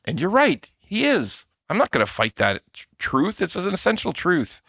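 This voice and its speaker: A man's voice: high voice, normal speed, gravelly, no echo, studio quality. A Canadian man hosting a podcast, ranting in a casual, mocking way about politics. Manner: animated, laughing, mocking quotes of politicians. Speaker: podcast host. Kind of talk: casual opinion rant.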